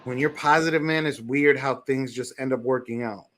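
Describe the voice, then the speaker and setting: A man's voice: medium pitch, normal speed, fairly bright tone. Laid-back joking man. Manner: laid-back, joking, reads a closing quote. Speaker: podcast co-host. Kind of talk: casual chat.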